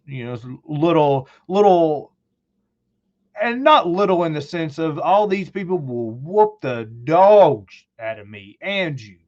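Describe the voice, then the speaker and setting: Man, channel host, blunt heated rant, swearing, rambling, slightly high voice. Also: muffled recording.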